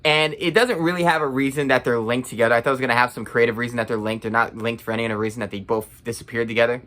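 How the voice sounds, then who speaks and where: Brash young man ranting, bright voice. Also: mid-range voice, fairly even intonation, racing, hardly any pauses. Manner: blunt, profane, sarcastic. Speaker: movie review vlogger. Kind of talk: casual ranting review.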